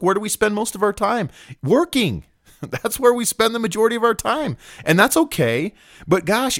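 A man's voice: medium pitch, fairly bright tone, no room sound. A middle-aged man speaks in a mid-range voice, recorded close with a dry, dead sound. He hosts a business podcast in an earnest, emphatic way, leaning on "right?" and "look" to drive his points home. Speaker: podcast host, business owner. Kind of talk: motivational podcast talk.

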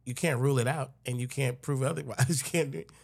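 A middle-aged man at an ordinary pitch talks casually as a podcast guest. He rambles in a laid-back way, restarts his sentences, and lets his voice drop low and soft. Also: fairly even intonation, fast, vocal fry, no echo. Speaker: guest rapper. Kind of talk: casual chat.

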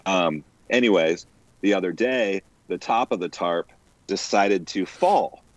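A man's voice: sits low, a little slow, no echo. A man in casual chat, telling stories full of swearing and voiced asides. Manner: profane storytelling, animated quoted asides. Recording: dull lo-fi sound, dry.

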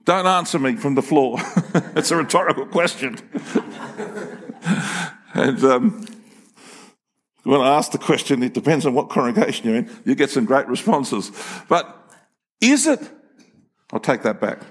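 Older male pastor; animated, humorous preaching with emphatic peaks. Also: mid-range voice, a little slow, long pauses, breathy edge. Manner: animated, rising to emphatic peaks, joking with the congregation. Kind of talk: sermon. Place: church hall with congregation.

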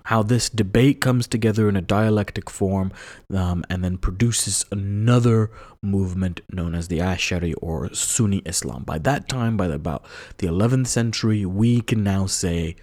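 A man hosting an educational podcast, explaining history in a measured lecturing manner with occasional fillers and restarts. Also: deep voice, darkish tone. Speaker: podcast host. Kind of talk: scripted-sounding lecture on history.

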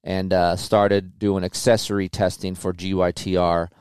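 A man's voice: deep voice, flat delivery, a little slow, a little mellow, smooth, no echo, studio quality. A middle-aged man, a motorcycle test rider, telling stories in a loose, casual way with lots of fillers and swearing. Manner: loose, profane, filler-heavy storytelling. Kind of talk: casual storytelling interview.

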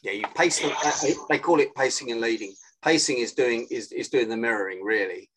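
A man, a guest on a video call interview, explaining with animated energy and acting out phone greetings. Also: medium pitch, fairly quick, rough recording. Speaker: guest, sales and influence trainer.

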